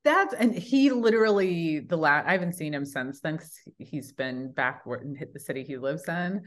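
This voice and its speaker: A woman co-hosting a casual chat show, telling an animated, laughing story and acting out both sides of it with plenty of swearing. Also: low voice, moderate pace. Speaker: podcast co-host.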